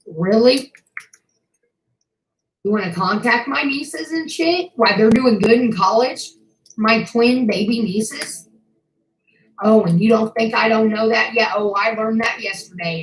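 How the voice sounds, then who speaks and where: A woman's voice: on the high side, a little slow, roomy sound, a little hiss or hum, low-quality recording. A woman ranting furiously to her channel, swearing and making threats, near tears with anger. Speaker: YouTuber. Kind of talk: angry rant to camera.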